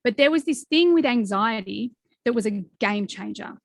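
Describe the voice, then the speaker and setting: A woman's voice: on the high side, expressive, normal speed, gravelly, no room sound. Earnest woman podcast host in her forties. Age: 40s. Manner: earnest, reflective, many fillers. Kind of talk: conversational interview.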